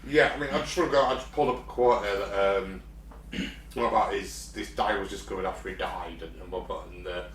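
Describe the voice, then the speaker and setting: Low-voiced man rambling on a podcast. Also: steady tone, quick pace, fairly bright tone. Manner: rambling storyteller, many ums and restarts. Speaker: podcast co-host. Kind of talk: casual podcast chat. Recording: roomy, distant mic, faint hum.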